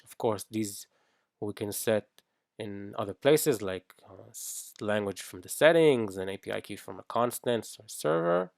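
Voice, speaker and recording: A man's voice: fairly low pitch, creaky, no echo, studio quality. A man walking through code in a screen-recorded programming tutorial, thinking aloud with frequent fillers and restarts. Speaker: iOS developer teaching.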